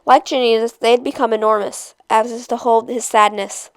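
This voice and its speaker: Woman reader, steady storytelling, fairly high pitch, smooth clear tone, dry close sound. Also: normal speed, no echo. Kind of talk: reading a novel aloud.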